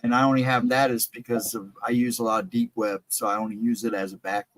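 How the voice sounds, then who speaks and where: A man's voice: medium pitch, flat delivery, fast, fairly bright tone. A man hosting a casual livestream chat, rambling and easygoing, often laughing. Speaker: host.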